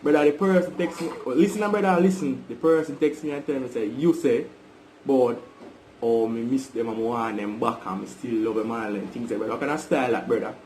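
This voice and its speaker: A man's voice: medium pitch, fairly quick, hardly any pauses, a little mellow. A young man with a Jamaican accent, confronting his brother on a call, pressing and repetitive. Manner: repetitive, pressing, keeps calling him brother. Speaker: vlogger. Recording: echoey room with faint background noise.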